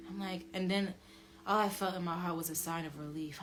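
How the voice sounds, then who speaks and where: A young woman vlogging a personal story in a casual, animated and blunt way, with swearing. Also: on the low side, moderate pace. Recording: music playing underneath.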